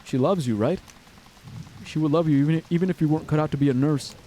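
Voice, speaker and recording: A streamer reading a story game aloud with expression and blurting out swearing reactions. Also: male voice, a little high, fast talker, warm tone, a little hiss or hum.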